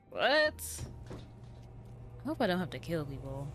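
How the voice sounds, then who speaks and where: Low-voiced woman reacting to a game. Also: very animated, measured pace, pauses often, fairly bright tone, faint music behind. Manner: chatty, reactive, exclaiming. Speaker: gameplay streamer. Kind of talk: casual gameplay commentary.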